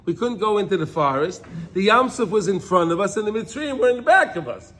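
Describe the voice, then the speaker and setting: Man, high-pitched, Torah class, reads and translates, restarts a lot, animated. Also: a little fast. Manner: reads Hebrew text then explains it in English, with many restarts and repetitions; animated, cries out loudly when acting out a prayer. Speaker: Torah teacher.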